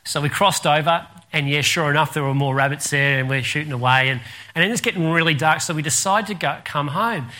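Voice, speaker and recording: Australian male pastor, sermon delivery, animated storyteller, bright and forceful tone. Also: on the high side, fairly quick. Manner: animated storyteller, laughs through anecdotes.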